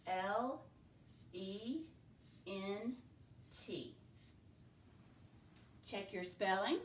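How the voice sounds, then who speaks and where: A woman's voice: mid-range voice, distant mic, slight background noise. A woman teacher leading a spelling dictation lesson, patiently sounding out words letter by letter. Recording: echoey room, voice from the mic.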